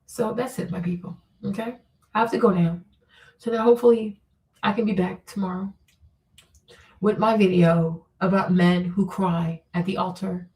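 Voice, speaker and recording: A woman hosting a livestream, giving blunt, profane, animated commentary on relationships. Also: mid-range voice, normal speed, far from the mic, rough recording. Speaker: livestream host.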